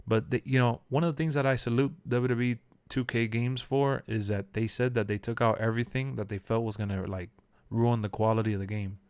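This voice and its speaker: A young man live-streaming and chatting to his viewers in loose, slangy speech. His voice sits at an ordinary middle pitch and is recorded close and dry, with no room sound. He keeps laughing and leaps into loud, animated shouts whenever he quotes someone. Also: fairly quick, clean tone, no room sound. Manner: animated, jumps to shouts when quoting; loose slangy talk, answers chat, laughs often. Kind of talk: casual live-stream chat.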